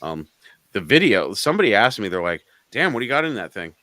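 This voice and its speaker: A man's voice: lowish voice, big pitch swings, quick pace, bright, forceful tone. A man co-hosting a live car show, telling a story in casual chat, swearing freely and laughing between lines.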